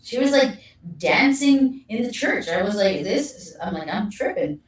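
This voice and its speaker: A woman from Canada, a guest paranormal investigator, telling her story in an animated way and acting out her own reactions. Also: medium pitch, normal speed, slight background noise. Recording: echoey room, far from mic.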